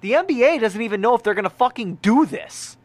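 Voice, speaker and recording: A man co-hosting a casual sports podcast, profane and animated, often repeating himself. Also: very high voice, fast, dry recording. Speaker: podcast co-host.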